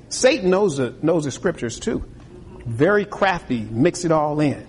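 A man preaching a sermon with a husky voice, lively and acting out other people's voices. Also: on the high side, moderate pace. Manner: animated, acts out voices of tempters and the king. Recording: long hall reverb.

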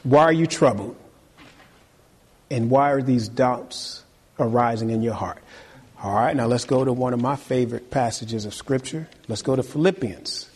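A male pastor preaching a sermon to his congregation, animated and repetitive, leaning hard on key words. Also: medium pitch, moderate pace, husky, in a large hall. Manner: animated preaching, repeats phrases, talks to the congregation. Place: church sanctuary.

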